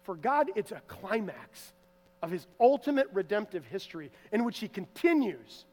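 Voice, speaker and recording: A man with a notably high voice preaches a sermon, swinging between loud emphatic stretches and quiet, almost hushed asides. His voice carries a long reverb, as if filling a big sanctuary. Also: big pitch swings, moderate pace. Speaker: pastor.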